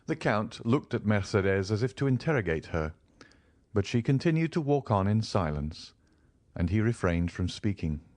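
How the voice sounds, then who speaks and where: Lowish-voiced male audiobook narrator. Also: very animated, moderate pace, a little mellow, no echo. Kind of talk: scripted narration.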